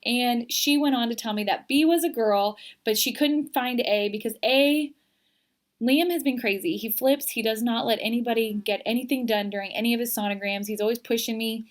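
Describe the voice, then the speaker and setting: A woman's voice: a little high, moderate pace. A young woman giving a casual, earnest pregnancy update to her viewers. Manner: chatty and earnest, emotional, near tears at the end. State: twenty weeks pregnant. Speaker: vlogger.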